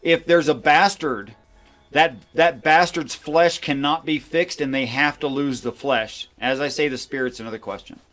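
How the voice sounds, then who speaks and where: A man's voice: a little high, moderate pace, fairly bright tone, soft background music. A man hosting a podcast discussion, explaining his views assertively and reading old texts aloud. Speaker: podcast host.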